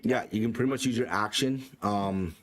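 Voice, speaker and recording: A man narrating as dungeon master for a tabletop game, in an unhurried, casual way with profane asides. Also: on the low side, fairly bright tone.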